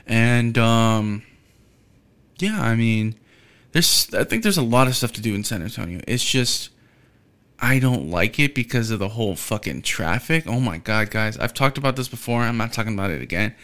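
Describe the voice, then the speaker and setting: A man talks through a casual podcast monologue, his voice sitting at an ordinary middle pitch. He rambles, restarts his sentences and drops "um"s everywhere. Profanity slips in constantly and easily. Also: lively intonation, moderate pace, a bit bright, clear, resonant tone. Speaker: podcast host.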